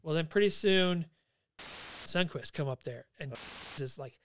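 A man in his forties, a podcast host and army veteran, telling a story casually among old friends, animated and swearing freely. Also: a little high, slow, slight background noise.

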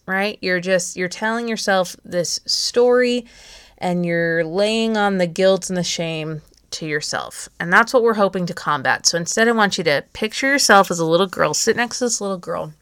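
A woman in her thirties hosting a podcast, giving an encouraging self-help talk in a gentle coaching manner straight to the listener. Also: fairly low pitch, normal speed, clear, resonant tone, no room sound, clean studio sound. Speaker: podcast host.

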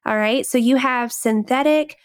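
A woman's voice: high-pitched, normal speed, clean tone, dry recording, studio quality. A woman hosting a faith-based fertility podcast, talking with passion and frequent laughter. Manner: passionate, fervent, laughs often. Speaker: podcast host.

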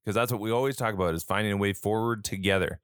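An adult man speaking on handling conflict tells stories in a casual talk, using reported dialogue and asking the listener earnest rhetorical questions. His smooth, fairly low voice races along with fairly even intonation. The studio-quality recording has no room sound.

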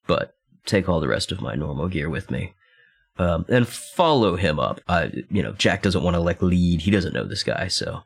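Very low voiced guy playing a tabletop game, easygoing, lots of ums. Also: vocal fry. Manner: easygoing, hesitant, many fillers. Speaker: player. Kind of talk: casual tabletop play.

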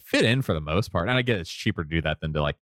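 A man's voice: deep voice, lively intonation, racing, a bit bright. A man hosting a casual film podcast, making wry jokes. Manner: wry, joking.

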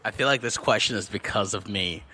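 A man talking as a guest in a casual chat, earnest and rambling with many pauses. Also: fairly low pitch, pushed and bright, a little hiss or hum.

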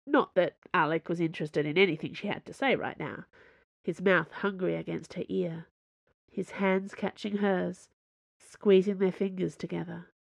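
A woman narrating a romance novel in a measured, expressive reading. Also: fairly low pitch, vocal fry, no echo. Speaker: audiobook narrator. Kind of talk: scripted narration.

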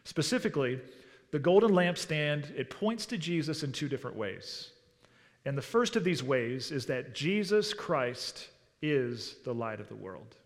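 A man's voice: medium pitch, sing-song, a little slow. A male pastor preaches a sermon in a church sanctuary. His delivery rises and falls, and he often asks the congregation questions before he answers them. His voice carries a long hall reverb.

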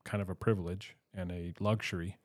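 A man appearing as a podcast guest, upbeat and teasing, throwing in quick remarks. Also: deep voice, flat delivery. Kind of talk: casual podcast chat. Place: room recording a podcast.

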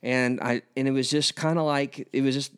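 A man's voice: medium pitch, moderate pace, clean tone. Earnest man recounting a preaching story. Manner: earnest, growing emotional and animated when telling a story. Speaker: preacher and school chaplain. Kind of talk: casual interview storytelling.

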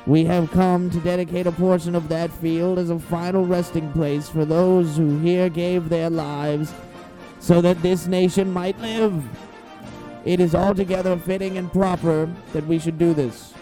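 A man putting on the voice of a solemn old statesman, slowly declaiming a speech. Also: high-pitched, steady tone, soft background music, low-quality recording. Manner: slow, declaiming, loud. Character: solemn old male president giving a speech.

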